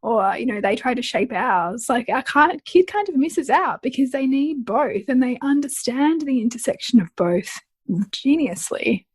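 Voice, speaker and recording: A woman's voice: high voice, expressive, normal speed, slightly rough. A woman co-hosting a casual podcast chat, talking loosely with lots of filler words. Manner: chatty, many filler likes and you-knows. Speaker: podcast co-host.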